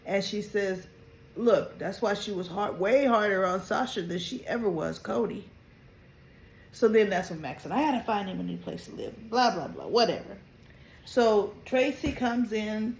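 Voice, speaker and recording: A woman in a casual recap of a soap episode, acting out the characters' lines as she tells what happened. Her voice sits at an ordinary middle pitch. The room is echoey, with a faint hum of noise behind her. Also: normal speed. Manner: retells scenes with quoted lines, animated. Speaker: soap opera recap host.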